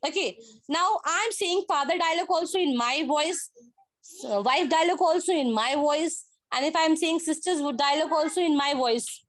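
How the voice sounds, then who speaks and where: A high-pitched woman with an Indian English accent delivers a workshop talk on a video call. She keeps her wording simple and stresses each point with repetition. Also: moderate pace. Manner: simple wording, emphatic, repeats key phrases. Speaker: presenter in an online workshop. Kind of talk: speaking-skills presentation.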